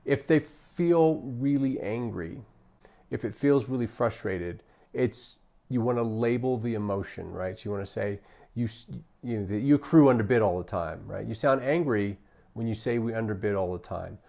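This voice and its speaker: A fairly low, gravelly, warm voice leads this customer service training talk at a moderate pace. The man coaches as he goes, repeats "right?" often, and plays out what customers and staff might say.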